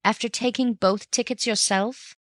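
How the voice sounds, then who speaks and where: A reader voicing an earnest young male sidekick who protests and takes offence quickly, in an audiobook reading. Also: medium pitch, fairly even intonation, fairly bright tone, no echo, studio quality, pitched above the performer's own voice, lightly acted. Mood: indignant.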